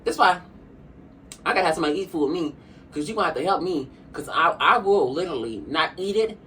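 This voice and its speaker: A sassy young woman gabbing through a mukbang video, tossing "honey" at her viewers as she rambles from one thought to the next. Her voice sits a little low, and she sounds set back from the mic. A faint hum of the room runs underneath. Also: animated, fast talker, a bit bright, recorded from a distance, rough recording. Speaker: vlogger. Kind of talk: casual chat while eating.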